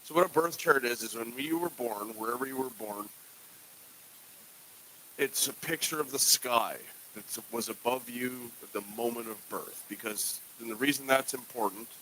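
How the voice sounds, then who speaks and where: A man from Canada chatting on a podcast in a bright, forceful voice that wanders from one thought to the next. He swears casually and jokes at his own expense. A faint hiss sits under the recording. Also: medium pitch, moderate pace, low-quality recording. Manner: loose, profane, jokey, rambling. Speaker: podcast co-host. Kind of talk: casual chat.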